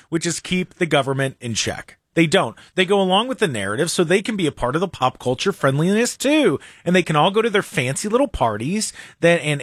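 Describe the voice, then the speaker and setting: A man's voice: on the high side, slightly rough, dry recording, clean studio sound. A man hosting a political talk show, mocking and sarcastic in his commentary.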